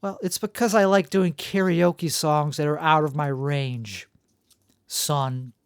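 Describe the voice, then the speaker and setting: Male solo host, gravelly voice, rambling and self-deprecating, dry close sound. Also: a little high, measured pace, no room sound. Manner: self-mocking and jokey, full of restarts. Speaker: podcast host.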